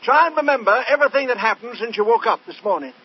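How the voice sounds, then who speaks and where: Bumbling, chummy memory doctor in a high voice, slow folksy drawl, old noisy radio broadcast. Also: male voice, animated, dull audio. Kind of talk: 1940s radio comedy acting.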